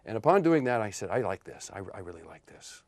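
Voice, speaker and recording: A man in his fifties, an actor and model, telling stories about his career in a relaxed interview, often laughing. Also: fairly low pitch, fast, dry recording. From Portland area, United States. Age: 50s. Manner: animated storyteller, laughs often. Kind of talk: casual interview chat.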